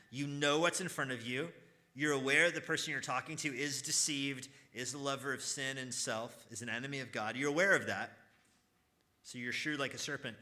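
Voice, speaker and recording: A man's voice: medium pitch, pushed and bright. A man teaching an evangelism class at church, talking conversationally, quizzing his students and stressing key points earnestly.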